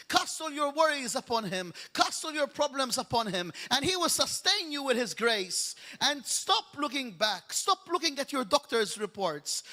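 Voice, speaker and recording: A male pastor from Malta preaching a fervent sermon, driving his points home with repeated exhortations. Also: very high voice. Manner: rises into loud, half-sung declarations.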